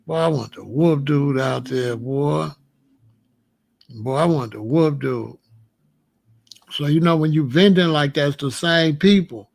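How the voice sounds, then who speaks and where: A man's voice: fairly high pitch, a little slow, gravelly, pauses often. Emphatic, profane male commentary host. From United States. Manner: emphatic, profane, animated storytelling. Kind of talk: casual monologue.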